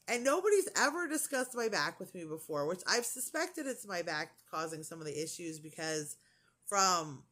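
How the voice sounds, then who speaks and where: A woman's voice: lowish voice, a bit bright. Chatty indignant middle-aged woman vlogger. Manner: chatty and indignant, quoting others, frequent likes and sighs. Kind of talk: casual storytelling vlog.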